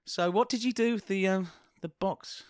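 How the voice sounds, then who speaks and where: A man's voice: high-pitched, normal speed, no echo, studio quality. A man co-hosting a comedy podcast, rambling through jokes and mock outrage. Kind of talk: improvised comedy banter.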